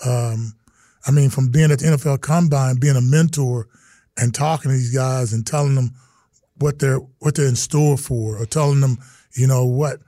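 A man's voice: mid-range voice, fairly even intonation, moderate pace, mellow, dry recording, clean studio sound. A middle-aged man, a former pro football player, telling stories in a casual interview and acting out the voices of people he quotes. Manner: earnest storytelling, acts out quoted voices.

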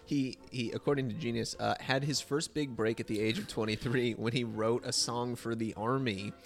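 A man's voice: medium pitch, fairly even intonation, moderate pace, gravelly. A man co-hosting a casual chat, chuckling often and reading out song facts with dry humor. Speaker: podcast co-host. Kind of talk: casual chat about old records.

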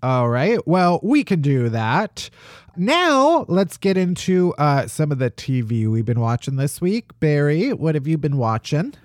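A young man co-hosting a podcast in casual chat, animated and joking. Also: a little high, unhurried, no room sound, studio quality. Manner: animated, joking, mocks old film voices. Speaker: podcast co-host.

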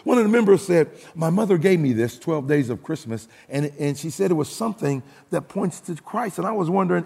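Preacher man mid-sermon, gravelly husky voice, big hall echo, music under. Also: fairly high pitch, lively intonation, a little fast, few pauses, warm tone. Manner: explains and calls for audience repetition. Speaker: pastor. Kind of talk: recorded sermon.

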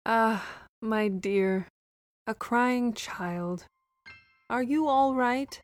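A woman doing a gentle, gracious eagle. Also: fairly high pitch, drawn-out words, no room sound, soft background music. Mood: gentle concern.

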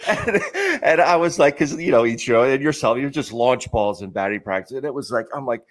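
A middle-aged former ballplayer, a guest on a sports podcast, speaks a little fast at medium pitch. He chats casually and reminisces, laughing often.

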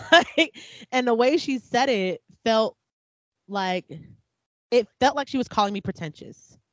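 A woman's voice: fairly high pitch, unhurried, no room sound. A woman talking candidly and reflectively in a casual conversation, often stopping to restart her sentences. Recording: slightly dull dry sound.

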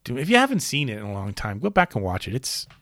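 Male podcast co-host, mid-pitched, dry close-mic sound, loose and jokey banter. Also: wildly swooping pitch, quick pace, fairly bright tone, no room sound. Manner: jokey, self-deprecating, rambling. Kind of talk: casual chat. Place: home room.

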